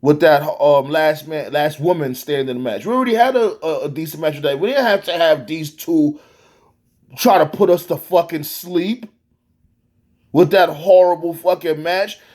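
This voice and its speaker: A man with a high, light voice rants about a wrestling match, swearing freely and sounding exasperated. He talks in a loose, animated way and often stops to restart his sentences. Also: moderate pace. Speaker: wrestling reviewer. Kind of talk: profane ranting review.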